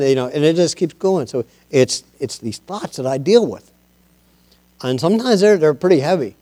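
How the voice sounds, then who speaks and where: A high-voiced man preaching a sermon as pastor. He talks to his congregation in an easy, conversational way, then rises into loud, impassioned exhortation. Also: expressive, moderate pace.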